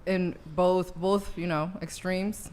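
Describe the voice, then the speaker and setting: A woman guest on a casual panel, calmly explaining her point with hesitant restarts. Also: lowish voice, takes it slowly.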